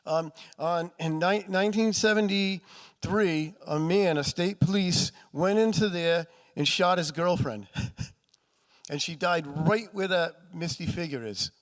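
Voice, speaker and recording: A man's voice: high-pitched, measured pace. A man telling ghost stories to a live audience, chatty and acting out quoted voices. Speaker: paranormal author and speaker. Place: festival room with audience.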